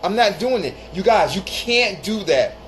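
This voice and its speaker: A man's voice: high-pitched, animated, normal speed, a little hiss or hum, rough recording. Emphatic man giving live-stream advice. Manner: emphatic, repeats phrases for stress; greets viewers mid-talk.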